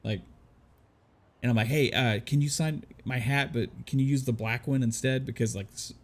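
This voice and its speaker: A man's voice: medium pitch, normal speed. A married man telling a story in casual chat, laid-back, stumbling over words and swearing. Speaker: podcast panelist.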